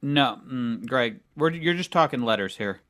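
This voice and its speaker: Man, podcast co-host, deadpan, low-key, dry close sound. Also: normal speed, dry recording. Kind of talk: comedic casual chat.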